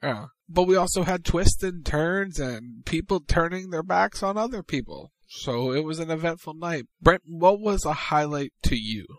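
Man, podcast host, teasing banter, slightly high voice. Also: expressive, normal speed, hardly any pauses, no echo. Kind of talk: casual wrestling podcast chat.

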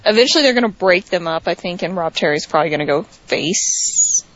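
A woman's voice: fairly low pitch, animated, brisk, a bit bright, no room sound. A woman co-hosting a podcast, chatting casually with lots of fillers and wry asides. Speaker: podcast co-host. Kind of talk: casual chat. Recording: dry, slightly dull lo-fi sound.

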